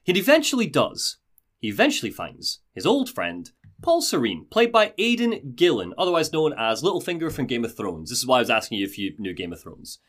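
Animated, jokey male podcast host. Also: medium pitch, a little fast. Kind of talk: casual chat, recapping a game story.

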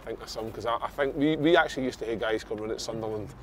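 A man's voice: medium pitch, quick pace, slight background noise. A man chipping in during a casual chat about old football days.

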